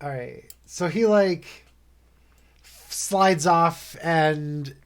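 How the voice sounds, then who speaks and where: A man acting as game master for an online tabletop game, unhurried and rambling, often correcting himself. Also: on the high side. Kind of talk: narrating a tabletop game over a call.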